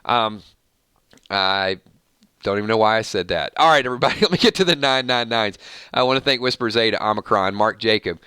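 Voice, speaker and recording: A man hosting a casual livestream, chatting loosely and rattling off supporters' names with quick thank-yous. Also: fairly low pitch, bright, forceful tone, clean tone, dry recording, studio quality. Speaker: livestream host.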